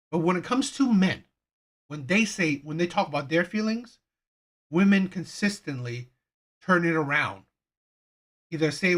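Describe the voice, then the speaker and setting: A man giving heated reaction commentary with a bright, forceful edge. He repeats himself, swears freely and hammers every point as he rants. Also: high-pitched. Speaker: reaction channel host. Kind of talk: ranting video commentary.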